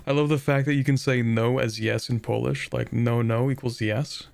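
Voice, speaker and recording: Gravelly-voiced man chatting while gaming. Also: mid-range voice, steady tone, moderate pace, few pauses, a little mellow, no echo, faint music behind. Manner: rambling, thinking aloud with many fillers and chuckles. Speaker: streamer. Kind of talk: casual live-stream chat while gaming.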